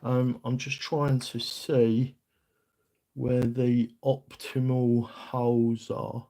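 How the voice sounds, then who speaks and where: A man's voice: medium pitch, flat delivery, drawn-out words, dark tone. A middle-aged man with a London accent chatting casually to his live-stream viewers as he works at a bench, rambling and self-deprecating. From England. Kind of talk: casual live-stream chat while working on a workbench.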